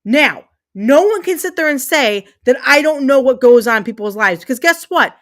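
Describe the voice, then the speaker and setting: A woman's voice: high-pitched, lively intonation, moderate pace, fairly bright tone. A woman in her thirties hosting a livestream, ranting with emphatic, repetitive, heated speech and swearing as she fumes. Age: 30s. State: fuming. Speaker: livestream host. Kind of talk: angry livestream rant.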